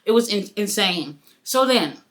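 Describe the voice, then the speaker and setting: A woman's voice: medium pitch, measured pace. A woman giving a casual, profane wrestling review, acting out the quotes. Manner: animated, profane, acts out quotes.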